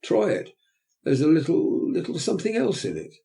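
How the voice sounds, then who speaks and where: A man's voice: fairly high pitch, wildly swooping pitch, normal speed, gravelly, mellow, voice pushed up, full character voice. A man voicing a flustered, coy middle-aged matron who talks in a fluttery, bashful way.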